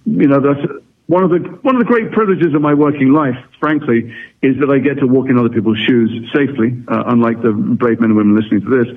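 Husky-voiced actor on a radio line. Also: male voice, mid-range voice, quick pace, phone-quality sound. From England. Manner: reflective, articulate, wry. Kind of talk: radio interview guest.

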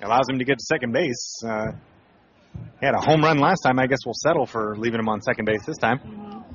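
Male radio baseball announcer, middle pitch, laid-back and chatty, slightly muffled broadcast. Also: a little fast, slight background noise. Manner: relaxed, conversational calling with asides. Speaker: play-by-play announcer.

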